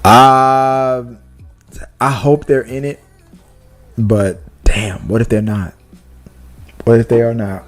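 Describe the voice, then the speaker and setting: A young man chatting loosely as a podcast host, jumping between thoughts and swearing freely. His pitch sits in the middle for a man. Faint music plays underneath. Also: slow pace, long pauses. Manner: rambling and animated, with profanity and restarts. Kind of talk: casual chat.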